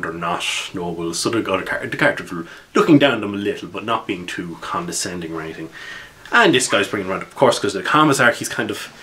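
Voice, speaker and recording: A man's voice: sits low, fairly bright tone. A man, recapping a tabletop game session as its game master in a rambling, casual way. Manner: rambling, with frequent restarts.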